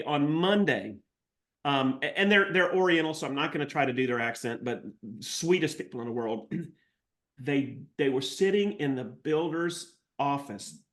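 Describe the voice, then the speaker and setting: A man giving an energetic, joking live training session to real estate agents. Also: fairly high pitch. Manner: energetic, jokey, salesy pep talk.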